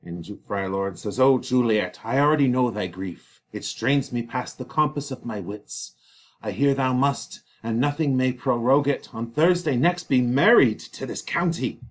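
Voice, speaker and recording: A man teaching a play, reading its lines aloud and then paraphrasing them casually. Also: normal speed. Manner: reads quoted lines louder and higher, then paraphrases casually; conversational with fillers.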